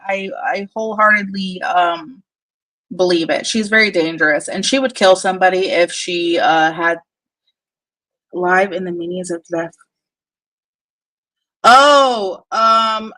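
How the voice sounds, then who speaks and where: A woman's voice: mid-range voice, sharp tone, low-quality recording. A woman streaming casual commentary, blunt and profane, rambling and laughing often while she multitasks on screen. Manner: distracted while working on screen.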